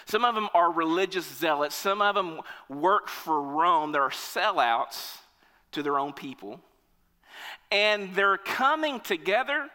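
A man preaching a sermon, lively, acting out the reactions of an imagined crowd in raised voices. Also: high-pitched, in a large hall.

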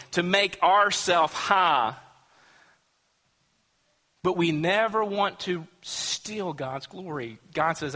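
A man's voice: high voice, sharp tone, in a large hall. A man preaching a sermon in an earnest, emphatic manner, asking rhetorical questions and acting out quotes. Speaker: pastor.

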